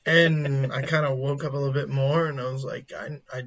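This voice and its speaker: A man in his thirties casually telling animated stories about his family, acting out their lines. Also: medium pitch, a little fast, crowd noise. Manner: animated anecdotes, acts out family quotes. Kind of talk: casual storytelling chat. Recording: lo-fi muffled audio.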